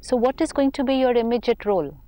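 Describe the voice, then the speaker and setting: Woman calmly giving spiritual advice. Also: a little high, quick pace, no echo. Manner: explains patiently with everyday examples. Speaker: spiritual teacher. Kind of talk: calm spiritual talk show conversation.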